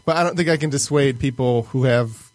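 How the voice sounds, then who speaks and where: A man in casual podcast talk lays out his idea earnestly, stumbling and restarting as he explains. His voice sits at an ordinary pitch and is recorded dry and close. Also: brisk, darkish tone, no echo.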